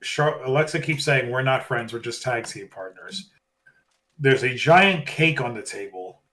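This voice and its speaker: A chatty podcast co-host gives an animated recap of wrestling in casual conversation, acting out quotes in different voices. His voice is mid-range and his pace unhurried.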